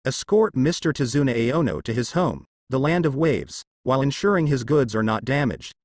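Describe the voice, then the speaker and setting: Man reading as a formal, measured old village chief, dry sound. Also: medium pitch, animated, darkish tone, no room sound, lightly acted. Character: calm, authoritative old male village leader.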